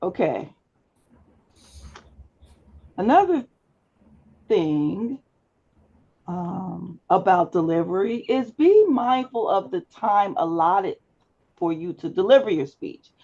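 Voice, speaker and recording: A woman's voice: on the low side, animated, slow pace, pauses often, mellow. A woman instructor giving a live online lecture, firm and instructive as she addresses her students directly. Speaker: public speaking instructor. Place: video class call. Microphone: computer mic on a video call. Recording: slightly dull video call audio.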